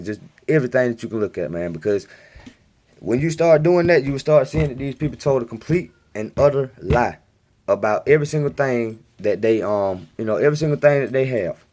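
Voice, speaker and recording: A man giving a casual, rambling monologue to his viewers in a home recording, insistent and repeating himself. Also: medium pitch. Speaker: video blogger.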